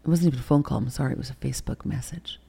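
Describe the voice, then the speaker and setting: A woman's voice: a bass voice, racing, gravelly, warm tone, breathy edge. A woman in her sixties, an interview guest telling a candid personal story, acting out past conversations and often sinking to a whisper. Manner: reenacts conversations, dropping into whispers.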